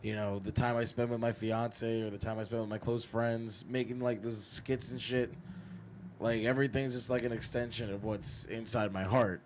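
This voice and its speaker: A man's voice: medium pitch, moderate pace, slight background noise. A man hosting a casual podcast chat, swearing often and ranting with energy. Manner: profane, animated, slips into mock mobster voices. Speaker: podcast host.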